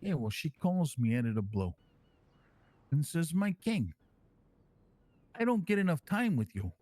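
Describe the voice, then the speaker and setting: A man's voice: on the high side, a little slow, no room sound. A man playing a brash, crude crime-family boss who calls himself king, rambling and swearing through his stories in an online role-play. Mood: boastful. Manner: rambling storyteller, swears constantly, lively and animated.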